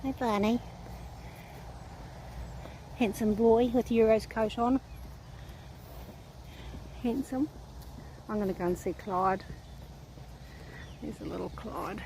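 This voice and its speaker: Slow-talking New woman cooing at horses. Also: medium pitch, fairly even intonation, gravelly, warm tone, slight background noise. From New Zealand. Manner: cooing, affectionate baby talk to animals. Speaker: vlogger. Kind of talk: casual vlog talking to horses. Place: outdoors on a countryside horse farm.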